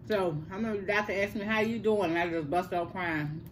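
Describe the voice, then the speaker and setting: Older woman, casual storyteller, mid-pitched, faint room noise. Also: fairly quick, hardly any pauses. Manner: animated, repeats words for emphasis, addresses listeners as y'all. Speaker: host.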